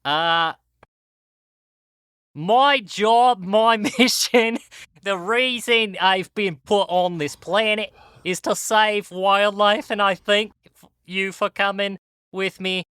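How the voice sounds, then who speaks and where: Brief: man putting on a loud, drawling mock-Aussie wildlife showman with a Brooklyn twist, crisp and dry. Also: high-pitched, takes it slowly, no echo, full character voice. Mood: hammy. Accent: mock Australian mixed with Brooklyn. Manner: exaggerated, drawling, loud, self-mocking. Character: cartoon duelist doing a wildlife showman impression, brash male. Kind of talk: comic impression on a podcast.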